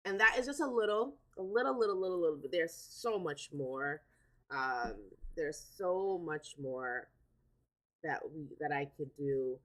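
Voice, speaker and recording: Low-voiced chatty woman hosting a livestream. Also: expressive, a little slow. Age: adult with a daughter. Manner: chatty, repeats words, many fillers. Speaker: livestream host. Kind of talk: casual live-stream chat.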